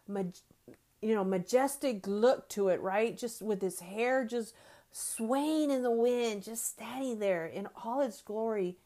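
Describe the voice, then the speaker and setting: Woman in her 50s chatting on her faith podcast, kinda high voice, keeps going "right?". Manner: conversational, frequent "right?" and restarts. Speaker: podcast host. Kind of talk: faith-based podcast teaching.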